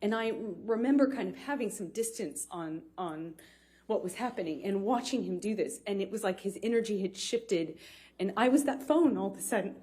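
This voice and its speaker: A woman giving courtroom testimony as a witness, speaking haltingly with many restarts and pauses, sounding shaken. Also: mid-range voice, breathy edge. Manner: quiet and shaken, voice rising with distress. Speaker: trial witness.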